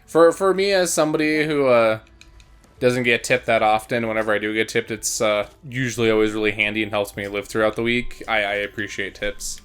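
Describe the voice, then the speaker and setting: A man's voice: on the low side, steady tone, a little fast, fairly bright tone, smooth. A young man doing casual gameplay commentary, blunt and swearing freely while telling stories. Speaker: gaming commentator.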